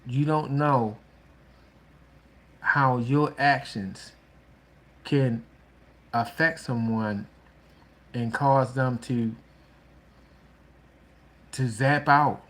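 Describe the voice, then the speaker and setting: A man hosting a relationship talk, giving casual advice in a slow, halting way with many restarts and fillers. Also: mid-range voice, a bit bright.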